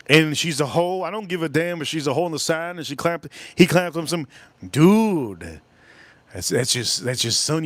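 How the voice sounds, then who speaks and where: A man's voice: on the high side, dry recording. A man hosting a livestream, ranting bluntly in casual chat, swearing freely and rambling between thoughts. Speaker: livestream host.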